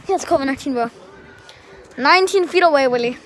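A woman chatting casually in a vlog, excitable and talkative, speaking to her dog in a backyard by a shed. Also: high-pitched, fairly quick. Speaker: vlogger.

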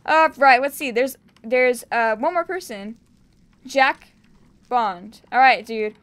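A young woman giving excitable gameplay commentary, cheering and shrieking as she plays. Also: fairly high pitch, slow pace, clean tone, dry recording. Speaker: gaming YouTuber.

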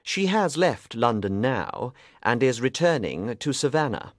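A man playing a sharp, determined detective in an audiobook, speaking clearly and deliberately. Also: medium pitch, big pitch swings, no echo, studio quality. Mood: explaining. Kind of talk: audiobook reading.

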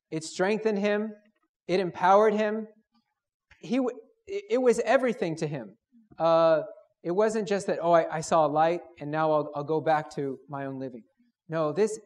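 Male preacher, higher-pitched, emphatic, repetitive student-meeting sermon. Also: a little mellow. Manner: emphatic, repetitive, builds phrases; leads group to read aloud together.

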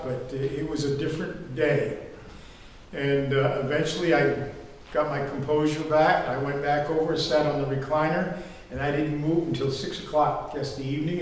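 With a slightly high voice, an older pastor preaches in a church sanctuary, spinning stories in a loose, chatty style thick with fillers. The hall echoes and the mic sits far away, leaving faint ambience plus a little hiss or hum.

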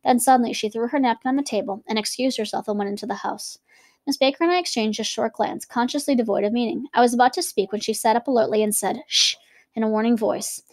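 A woman reads a classic novel aloud at a brisk clip, now and then breaking off for quick, chatty remarks. Her voice sits fairly high, and the recording is dry and close. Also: fairly even intonation, dry recording. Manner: quick, conversational asides between reading. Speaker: reader and teacher. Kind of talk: reading a novel aloud with commentary.

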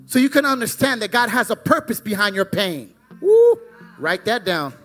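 A male pastor preaching a fervent sermon, swinging between loud exclamations and hushed asides. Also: high voice, lively intonation, fairly quick, soft background music.

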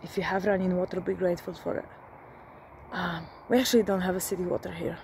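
A woman's voice: fairly low pitch, little pitch movement, quick pace, vocal fry, a little mellow, slight background noise. A woman vlogging from her rural home at night, half-whispering, swearing often and speaking from the heart. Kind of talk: casual whispered vlog.

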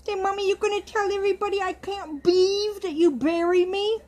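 A woman voicing a sweet, cheeky little girl doll talking to her mommy in a high childlike voice. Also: fairly even intonation, normal speed, a little mellow, a little hiss or hum. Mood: pleading.

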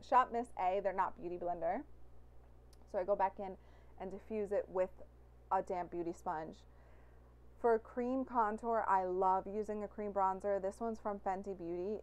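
A young woman talks through a makeup tutorial in a chatty, gushing way, dropping "like" as she goes. Her voice sits at an ordinary middle pitch for a woman. She sounds like a beauty vlogger enthusing over her favorite products. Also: darkish tone. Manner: chatty with fillers like "like".

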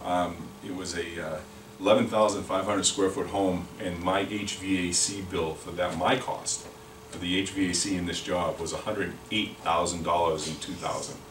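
At a lunch-and-learn in a meeting room, a male sales rep gives product training in a low, unhurried voice with fairly even intonation. He rambles, repeating himself and restarting often. The sound is distant and echoey, with a little background noise.

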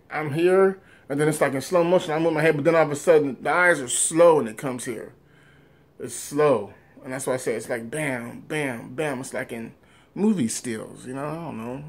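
A man talking casually to camera in a personal vlog, rambling with many fillers and restarts, rising loud at the big moments and trailing off quietly after. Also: on the high side. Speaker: vlogger.

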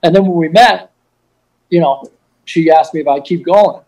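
A man's voice: fairly high pitch, moderate pace, a little mellow, far from the mic, rough recording. A man telling his story as a guest DJ and producer in a casual interview, rambling and swearing freely. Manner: profane, rambling, repeats himself.

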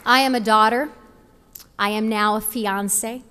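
Passionate slow-speaking young woman at a podium. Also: a little high, steady tone, bright, forceful tone, smooth, some chatter behind. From Texas. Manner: emphatic, passionate delivery. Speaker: commencement speaker. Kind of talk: inspirational commencement speech. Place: large ceremony venue. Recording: long hall reverb.

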